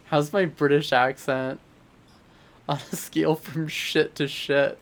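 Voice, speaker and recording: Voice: mid-range voice, level tone, slow. A streamer chatting casually with viewers between songs, making dry, joking asides.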